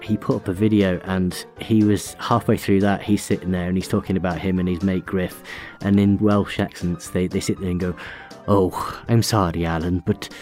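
A man hosting a podcast, chatting in a relaxed, easygoing way with small restarts. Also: low-pitched, fairly quick, soft background music. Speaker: podcast host. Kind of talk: casual chat.

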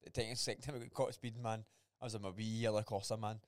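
A man's voice: lowish voice, flat delivery, quick pace, dry recording, studio quality. A young Scottish man co-hosting a podcast, bantering and laughing as he tells a story. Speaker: podcast co-host. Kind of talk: casual chat.

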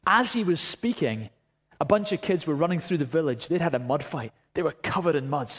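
A man's voice: on the high side, expressive, a little fast, slight background noise. A man preaching a sermon, telling a story and then praying fervently. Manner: storytelling, rising to fervent prayer. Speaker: pastor.

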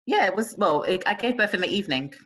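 Husky-voiced woman telling a story. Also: medium pitch, fast. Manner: lively storyteller, acts out quotes, laughs a lot. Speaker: new mother telling her birth story. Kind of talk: casual chat.

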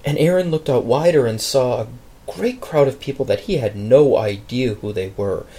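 A man's voice: normal speed, husky. A male pastor telling a Bible story dramatically in a sermon. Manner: dramatic, expressive storytelling with big pitch swings.

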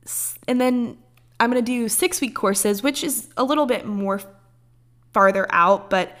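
A woman's voice: a little high, measured pace, a bit bright. A young woman in her early twenties hosts a loose, unscripted podcast. She rambles casually, wanders off track and swears freely in her talk. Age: early 20s. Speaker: podcast host.

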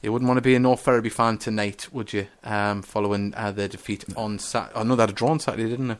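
A man's voice: fairly low pitch, steady tone, fast talker. Hesitant man hosting football radio. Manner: hesitant, lots of ums and restarts. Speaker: radio show host. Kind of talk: casual football radio chat.

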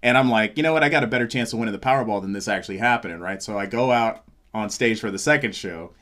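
A man's voice: fairly low pitch, quick pace. A man who is a comedian, telling a story in casual chat and acting out the lines of the people in it. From Seattle, USA. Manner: animated, acts out quoted lines.

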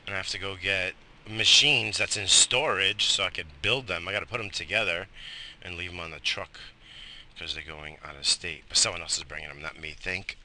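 A man's voice: deep voice, fairly quick, background noise. A middle-aged man, tired and coughing, rambling profanely in a casual morning vlog. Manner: profane, rambling, loose and chatty. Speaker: vlogger.

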